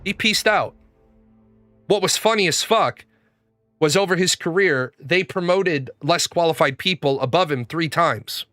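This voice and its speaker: A man's voice: on the high side, a little slow, bright, forceful tone, no room sound, faint music behind. A man hosting a gaming show, telling stories in a casual, blunt and profane way, rambling as he goes. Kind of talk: casual livestream storytelling.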